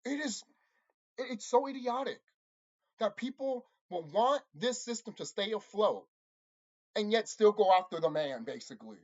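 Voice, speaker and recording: A channel host delivering an angry, profane monologue to viewers, repeating himself and insulting his audience. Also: normal speed. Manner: lively swings in pitch and loudness. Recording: dull lo-fi recording.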